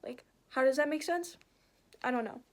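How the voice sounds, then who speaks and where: A young woman chatting casually while doing her makeup, telling a story with lots of swearing and animated retelling. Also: high-pitched, moderate pace.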